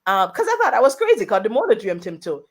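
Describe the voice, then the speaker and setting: A woman, a radio guest telling a personal story in a lively way and putting on family members' voices in quotes. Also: a little high, fast.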